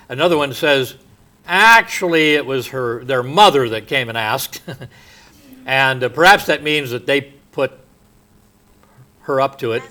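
Delivering a sermon, this mid-range-voiced man halts and moves slowly, with plenty of pauses and fillers. At the close of each phrase his voice softens and falls.

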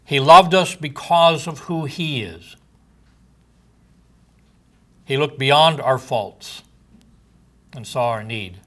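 Slow, deliberate preaching comes from a man who is likely older, speaking in a mid-range voice. He lets the ends of his phrases drift off softly as he gives his sermon.

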